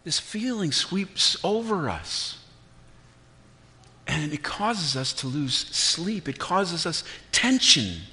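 Here a middle-aged man preaches slowly, his high, bright voice carrying a breathy edge and wandering widely in pitch. He plays out his own frustrations with theatrical flair, then shifts down to a hushed, earnest delivery in this sermon.

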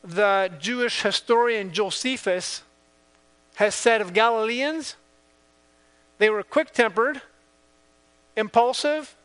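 A man with a high voice preaches at a slow, deliberate pace. He leans on key phrases and repeats them for weight, with a faint electrical hum under the recording. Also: a bit bright, clean tone, rough recording. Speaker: pastor. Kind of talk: sermon.

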